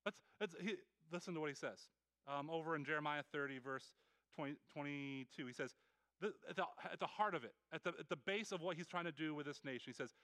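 A man with a high, bright voice preaches a sermon, pleading earnestly and stumbling through quick restarts and repeated words. His tone is smooth and clear, recorded close and dry. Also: no echo. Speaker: pastor.

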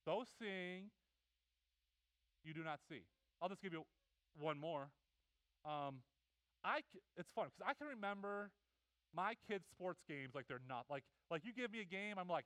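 A middle-aged man preaching a sermon, telling animated family stories and acting out the voices of his kids and wife. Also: high-pitched, moderate pace, pauses often, no echo, low-quality recording. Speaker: pastor.

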